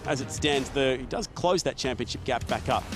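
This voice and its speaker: A man commentating a sim racing event in a chatty, energetic way. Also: mid-range voice, a little fast, over music. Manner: energetic, chatty, laughs often. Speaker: esports race commentator. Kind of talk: sports commentary.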